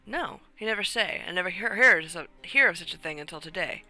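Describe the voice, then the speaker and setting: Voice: mid-range voice, expressive, brisk, pushed and bright, no room sound, faint music behind. A streamer voicing a flirtatious Spanish countess in a put-on Spanish accent, with broken, dramatic English. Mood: coy.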